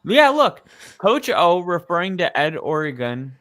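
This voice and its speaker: A man's voice: high-pitched, very animated, unhurried, a bit bright. A man co-hosting a football live stream in casual chat, rambling with lots of fillers.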